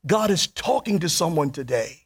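A man preaching a sermon to a congregation, pleading and impassioned, swinging between loud emphatic lines and quiet ones. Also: fairly high pitch, expressive, moderate pace, breathy edge. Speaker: pastor. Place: church before a congregation.

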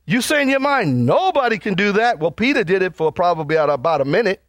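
Pastor, male, high-pitched and fervent, delivering a sermon, dry recording. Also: sing-song, fast talker, no echo. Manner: fervent, urging the congregation.

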